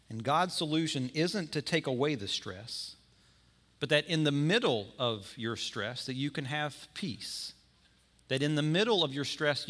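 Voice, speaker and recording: A man's voice: mid-range voice, pushed and bright. A man preaching a sermon in a conversational way, now and then acting out the people in his story. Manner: conversational preaching with acted-out scenes. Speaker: pastor.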